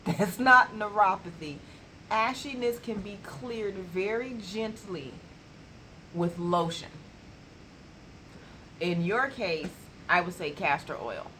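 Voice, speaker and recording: A woman colon hydrotherapist tells a story straight to camera, slowly and deliberately. Her speech is colloquial and emphatic, and her pitch sits at a middling level for a woman. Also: pushed and bright, slight background noise, poor audio. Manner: colloquial, emphatic, acts out dialogue in raised voices.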